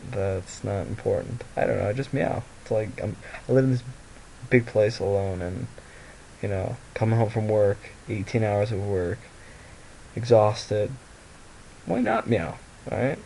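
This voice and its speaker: A man's voice: lowish voice, vocal fry, warm tone, a little hiss or hum, low-quality recording. A tired young man rambling casually in a vlog at home, with lots of fillers and restarts and a sleepy voice. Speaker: vlogger. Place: at home by a mirror.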